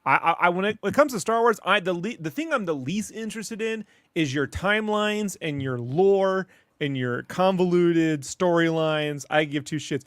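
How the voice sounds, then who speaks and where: A slightly high-voiced man co-hosting a fan podcast, blunt and opinionated, cursing freely as he makes his points. His voice is dry and close, with no room sound. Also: animated, normal speed, fairly bright tone, dry recording. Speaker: podcast co-host. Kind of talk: casual chat.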